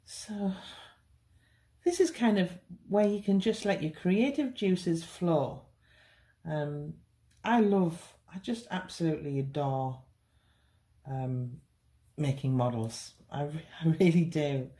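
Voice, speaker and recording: A woman's voice: low voice, slow, warm tone. A woman teaching a beginners' cake decorating tutorial, chatty and reassuring. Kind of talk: hands-on baking tutorial.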